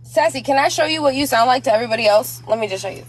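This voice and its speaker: A woman's voice: high voice, rapid-fire, a little hiss or hum. A woman hosting a casual livestream chat, brash, profane and mocking. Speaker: livestream host.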